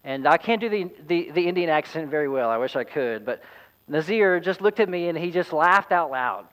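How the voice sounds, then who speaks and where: A man's voice: fairly high pitch, animated, moderate pace, fairly bright tone, rough recording. A man, a pastor, preaching a sermon in a conversational, storytelling way. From United States.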